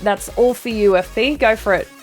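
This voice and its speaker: A woman's voice: on the high side, moderate pace, soft background music. A woman streamer joking and chatting casually with her viewers. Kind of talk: casual live-stream chat.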